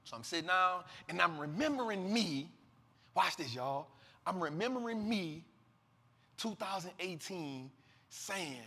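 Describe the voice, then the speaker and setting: A man host telling a story dramatically to an audience, acting out the dialogue and swinging between loud and hushed. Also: high voice, lively intonation, moderate pace, husky, big-room sound.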